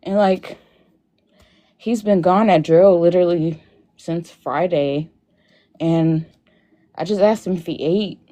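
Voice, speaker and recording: Tearful and rambling, a young caller on a live video Q&A describes what happened to her, peppering her speech with "like." Her voice is lowish and mellow, and she talks slowly, pausing often.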